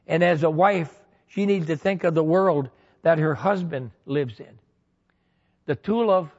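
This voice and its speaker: This Michigan pastor, whose voice sits high, delivers a sermon built on down-home anecdotes and humor to illustrate his message. The recording sounds muffled.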